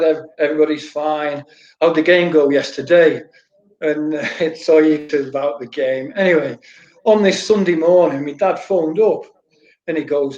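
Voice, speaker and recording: An older man, chatting through long stories in an interview and restarting his phrases as he thinks. His voice sits a bit high for a man. The recording sounds roomy and muffled. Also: darkish tone. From Wales. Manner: anecdotal, repeats words, laughs while telling stories. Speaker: former goalkeeper guest. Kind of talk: storytelling interview answers.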